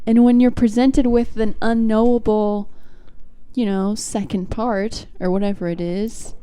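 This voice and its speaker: Higher-voiced woman with dry quips. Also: a little slow, smooth. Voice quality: dry quips, calm and reflective. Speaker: podcast co-host. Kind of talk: casual chat.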